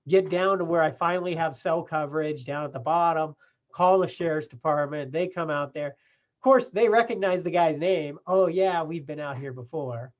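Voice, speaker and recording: A man's voice: a little high, moderate pace. A man in the process-serving business telling stories from his work in a plain-spoken, casual way, full of "you know". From California. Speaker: process server and business owner. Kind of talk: casual interview storytelling. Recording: muffled lo-fi remote audio.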